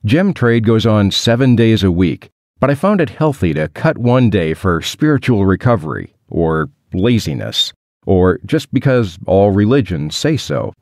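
A man's voice: lowish voice, sing-song, a little slow, darkish tone, no echo. A man narrating an adventure story in the first person, with a dry, wry storytelling manner. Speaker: audiobook narrator.

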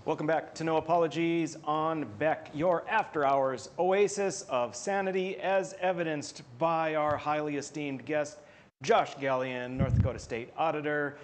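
A man hosting a talk show, opening the segment in a drawn-out, announcer-like way. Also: fairly high pitch, steady tone, slight background noise.

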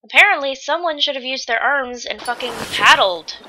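High-pitched woman swearing through a game. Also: animated, moderate pace, sharp tone, slight background noise, poor audio. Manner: frantic, swearing, yelps and shrieks. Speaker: gamer playing a survival game. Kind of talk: let's play commentary.

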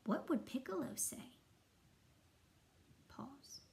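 A young adult woman, a first-grade teacher, reading a story aloud to children expressively with long pauses. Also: on the high side, animated.

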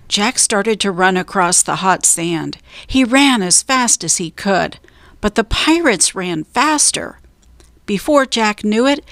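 A woman storyteller reading a children's book aloud, slow, clear and deliberate. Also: mid-range voice, a bit bright, no room sound.

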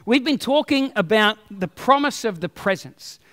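High-voiced pastor preaching, echoing hall. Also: male voice, moderate pace. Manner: animated storytelling with humor. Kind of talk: sermon.

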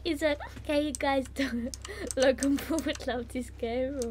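A woman's voice: high voice, slow pace, very noisy. A woman from England chatting on a live gaming stream, easily startled and laughing often.

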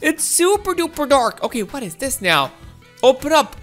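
A woman giving excited let's-play commentary, often shouting and constantly calling out to the viewers as guys. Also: sits high, normal speed, faint music behind. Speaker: gameplay commentator.

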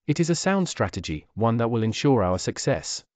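A man voicing a calm, seasoned orc warrior who speaks sagely. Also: medium pitch, a little fast, no room sound, natural voice. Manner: calm, sage.

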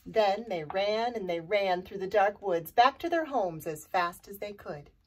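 A woman reading a picture book aloud for a children's storytime, gentle and sing-song. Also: mid-range voice, expressive, unhurried, recorded from a distance, a little hiss or hum.

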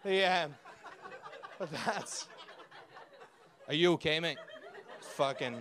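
An Irish man on a comedy club stage, firing off profane stand-up with a raised, high-pitched voice. He talks brashly and teases the audience, close on a handheld mic. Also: fairly bright tone. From Ireland. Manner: brash, profane, rapid banter with the crowd.

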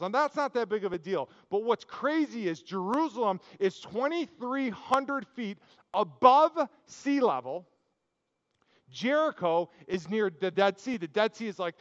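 A male pastor delivers a sermon in a relaxed, story-driven way, slipping in jokes and personal asides. His voice sits fairly high. The sound is a little muffled, with a long church-hall reverb trailing each phrase. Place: church sanctuary.

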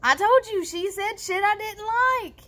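Woman doing blunt defiant sister, unapologetic, her own high voice. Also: lively intonation, a little fast, bright, forceful tone. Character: defiant brawling teenage sister.

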